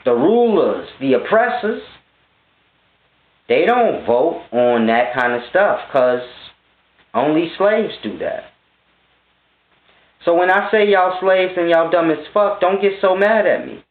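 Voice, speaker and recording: A man's voice: a little high, animated, slow, pauses often. Man, thirties, confrontational rant, scornful and blunt; tinny phone-like sound in an echoey room. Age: 30s. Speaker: vlogger. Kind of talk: profane monologue rant.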